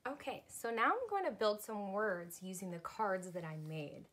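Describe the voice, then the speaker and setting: A woman teacher slowly demonstrating closed syllables with letter cards, sounding out each letter patiently. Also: mid-range voice, very animated, a bit bright. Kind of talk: recorded phonics lesson.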